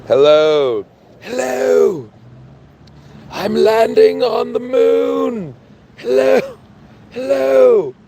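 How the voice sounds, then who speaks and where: A man doing a slow, solemn astronaut. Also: very high voice, animated, vocal fry, mellow, slight background noise, voice pushed up, exaggerated voice. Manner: very slow, drawn-out words. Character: slow, solemn male astronaut radioing mission control.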